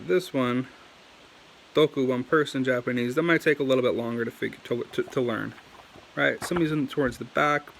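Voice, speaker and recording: Rambling man with a bright voice. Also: medium pitch, vocal fry, a little hiss or hum. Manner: rambling, heavy on "like" and "um"; coughs now and then. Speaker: language learner sharing tips. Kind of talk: casual talk to camera.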